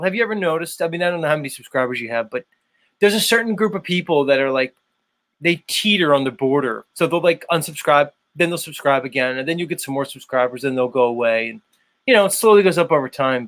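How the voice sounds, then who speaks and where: Quick-paced and animated, a man with a slightly high, somewhat bright voice hosts his own online show. His livestream chat wanders loosely, heavy on fillers.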